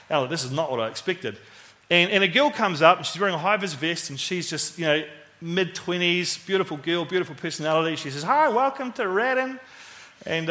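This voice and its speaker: Casting note: New Zealand preacher, chatty and animated, bright tone. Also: male voice, fairly high pitch. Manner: conversational, animated, acts out quoted voices. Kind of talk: sermon storytelling.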